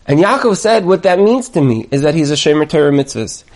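A man teaching a Torah class, telling stories and acting out the people in them. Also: brisk. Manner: animated storyteller, jumps high to act out quoted voices. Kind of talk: lively Torah class with acted-out scenarios.

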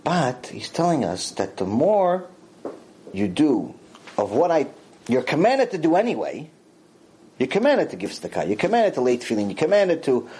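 A man giving a lively religious lecture as a Torah teacher, repeating phrases for emphasis and acting out quotes. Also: a little high, poor audio.

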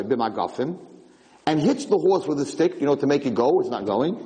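A man teaching a Torah lesson in an excitable, repetitive way, restarting his sentences often. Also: medium pitch, a little fast, in a large hall, rough recording.

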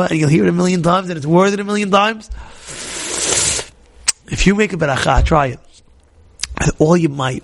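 A man leads an informal Torah class in a high, gravelly voice. He talks in an animated, repetitive way and keeps putting questions straight to his listeners. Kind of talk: informal Torah class talk to a live group.

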